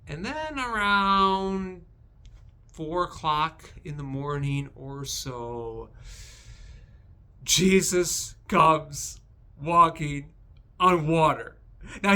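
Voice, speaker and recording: A man hosting a devotional video, recapping Bible passages with animated, emphatic storytelling. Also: on the high side.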